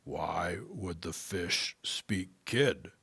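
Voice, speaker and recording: A man reading a storybook and voicing a wise, playful talking tree in whispered role-play, low and gentle. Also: expressive, very slow, creaky, husky, no room sound, full character voice. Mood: patient.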